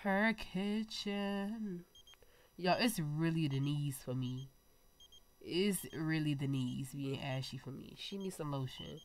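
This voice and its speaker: A young woman hosting her own gaming channel, chatting excitably to viewers over gameplay while her nose is stuffy. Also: sits low, unhurried. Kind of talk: casual gameplay commentary.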